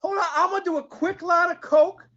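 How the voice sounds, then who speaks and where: A woman's voice: very high voice, steady tone, brisk, fairly bright tone, highs cut off. A woman voicing a brash, flirty female pig in a wig in a game role-play, clingy and calling everyone daddy. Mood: squealing.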